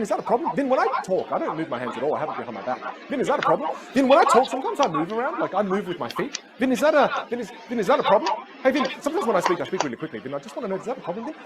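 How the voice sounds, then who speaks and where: A man putting on a fretful, whiny questioner, pitched up and nagging. A loud crowd and noise fill the live room around him. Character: anxious fretting male commenter asking questions.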